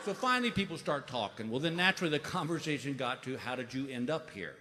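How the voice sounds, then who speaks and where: A middle-aged man telling stand-up comedy stories, animated and acting out voices with big outbursts. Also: mid-range voice, fast, few pauses, in a large hall. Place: comedy stage before a laughing audience. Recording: live show with clear audience noise.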